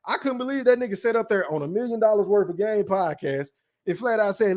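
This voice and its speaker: Profane high-voiced man ranting. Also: lively intonation, a little fast, a little mellow. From Texas. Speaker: podcast host. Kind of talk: casual boxing rant and livestream chat.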